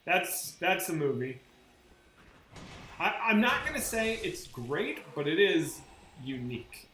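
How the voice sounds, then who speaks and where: A man's voice: sits high, sing-song, takes it slowly, bright, forceful tone. A man chatting casually while streaming a game, rambling and swearing with many restarts. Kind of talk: casual live-stream chat while gaming. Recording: roomy sound with faint background noise.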